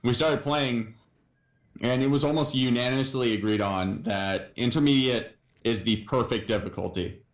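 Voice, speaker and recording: A man chatting casually, telling lively stories and acting out what others said. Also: mid-range voice, normal speed, roomy sound, rough recording. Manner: animated storyteller, acts out others' voices. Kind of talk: casual chat.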